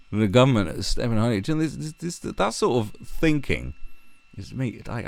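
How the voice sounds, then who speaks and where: A man's voice: medium pitch, no room sound. A man hosting a commentary vlog, ranting in a sarcastic, profane, mocking way. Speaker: channel host.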